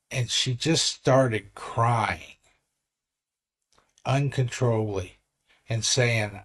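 A man in his late sixties talks slowly and steadily to his camera in a casual vlog. He tells his story earnestly, wandering and restarting his sentences as he goes. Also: medium pitch, steady tone, a bit bright, slightly rough. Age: 60s. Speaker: vlogger.

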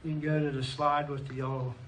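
A man's voice: medium pitch, little pitch movement, fast, a bit bright. Preacher man heard from a distance. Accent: Pennsylvania American. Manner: earnest, reads scripture aloud with frequent amens. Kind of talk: sermon. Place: church hall. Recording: distant mic in a church with faint room noise.

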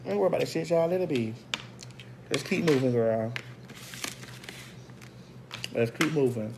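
A woman's voice: deep voice, lively intonation, moderate pace, pauses often, noisy background. A woman hosting her own online show in a brash, profane, unscripted rant to viewers, hammering single words over and over.

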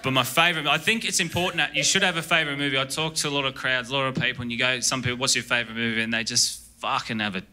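Aussie bloke doing stand-up, rambly deadpan delivery, live club sound with steady noise. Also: male voice, medium pitch, racing, hardly any pauses. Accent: Australian. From Australia. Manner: rambling, deadpan, self-interrupting. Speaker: stand-up comedian. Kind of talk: stand-up comedy set. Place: comedy club stage. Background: audience laughter.

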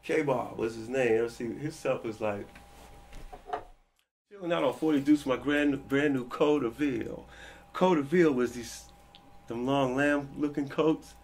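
A man in his forties telling stories from his past in a casual interview, animated and quick to act out the people in them. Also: medium pitch, slight background noise. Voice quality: gravelly, husky. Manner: animated, acts out quoted people with a raised voice. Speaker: interview guest.

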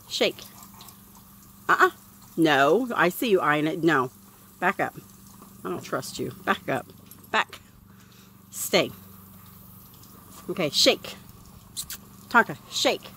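A woman's voice: on the low side, bright, forceful tone, slight background noise. A woman chatting casually to her viewers while bathing her dog outdoors, coaxing him in a sing-song voice. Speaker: dog owner vlogger. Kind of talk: casual vlog narration. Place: outdoors by a pool.

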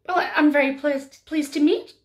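A woman's voice: high voice, steady tone, normal speed, a little mellow, voice pushed up, natural voice. A woman storyteller voicing a kind-hearted sixteen-year-old girl who is timid and polite, stammering a little. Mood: startled.

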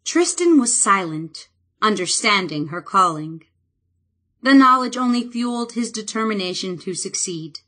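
A woman narrating a fantasy audiobook in a calm, measured way. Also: mid-range voice.

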